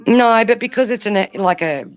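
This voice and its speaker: High-pitched man chipping in with quick questions on a watch-along, dull lo-fi audio. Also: lively intonation, clean tone. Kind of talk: casual watch-along chat.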